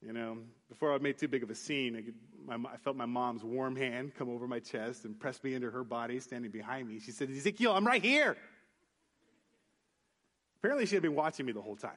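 A pastor preaches a sermon at a medium pitch, talking fast with few pauses. He tells a personal story in an earnest, conversational way, restarting often, then grows animated as he retells it with acted-out voices.

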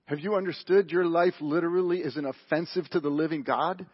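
A male pastor preaching a sermon with emphatic rhetorical questions and big swings between loud and soft. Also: a little high, fairly quick, breathy edge. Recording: muffled lo-fi live broadcast.

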